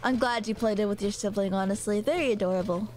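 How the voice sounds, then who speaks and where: Here an American streamer talks fast in a mid-range, slightly mellow voice, with a little hiss or hum on the audio. She's playing a horror game, casually chatting with viewers, joking and cursing freely.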